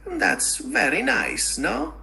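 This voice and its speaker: A synthetic male voice with an Australian accent delivers folksy, needling livestream banter. His tone is very bright and gravelly. He speaks slowly with a lively, swooping pitch. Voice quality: synthetic text-to-speech voice. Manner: folksy, needling, lectures with slang. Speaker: AI chatbot co-host.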